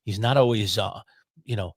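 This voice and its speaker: Easygoing rambling man, mid-pitched and dry. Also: normal speed, husky, no echo. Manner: rambling, casual, many fillers. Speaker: sports show co-host. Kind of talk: live-stream sports talk.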